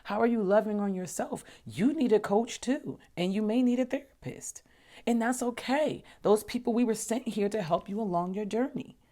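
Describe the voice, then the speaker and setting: A woman hosting a casual, heartfelt vlog. She talks emphatically, restarts and repeats words, and often drops into a hushed whisper. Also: medium pitch, moderate pace. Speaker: vlog host.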